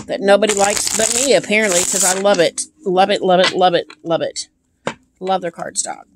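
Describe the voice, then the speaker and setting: Woman, casual vlog, gushing, low-pitched, background hiss. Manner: gushing, enthusiastic, lots of ums and repeated praise. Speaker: tarot deck collector. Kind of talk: casual show-and-tell vlog. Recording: steady background hiss with handling clicks.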